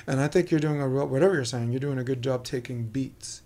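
A middle-aged man with a New York accent, hosting a casual interview and talking fast and animatedly. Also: medium pitch, dark tone. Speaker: podcast host.

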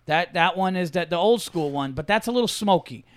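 High-voiced man telling profane stories. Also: a little fast, clear, resonant tone, no echo. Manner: animated, profanity-laced storytelling. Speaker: podcast host. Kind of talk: casual chat.

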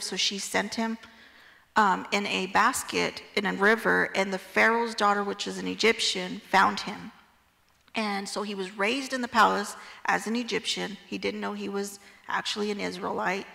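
A woman's voice: mid-range voice, gravelly, long reverb tail. Chatty woman leading a Bible study. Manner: chatty, animated, lots of "like" and "right?". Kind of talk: casual Bible teaching.

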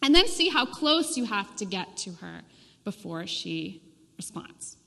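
A woman voicing a calm male doctor in a joke, giving slow, measured advice. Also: medium pitch, vocal fry, heavily acted. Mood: advising. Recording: reverberant church hall.

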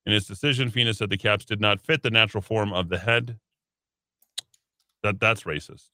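Male talk radio host, low bright voice, sarcastic asides, dry studio sound. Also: normal speed, no room sound. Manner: reads headlines then adds sarcastic asides. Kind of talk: casual talk radio, reading news.

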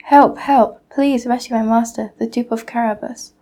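Teen girl doing sly bossy storybook cat, low mellow gravelly voice. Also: steady tone, fairly quick. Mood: commanding. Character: clever scheming male cat, bold and bossy.

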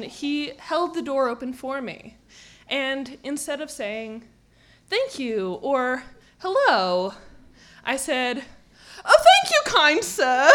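A woman's voice: high voice, a bit bright. A woman telling a funny personal story on stage at a live event, self-mocking and often laughing through her words.

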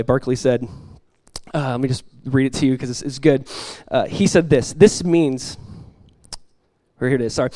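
A man preaching a sermon as pastor, conversational and lively, telling stories and acting out quoted voices. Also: on the high side, dry recording.

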